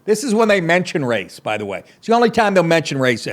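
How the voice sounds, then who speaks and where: A man's voice: fairly high pitch, sing-song, quick pace. A middle-aged man hosting a comedy podcast, reading news stories aloud and breaking off into profane, sarcastic asides.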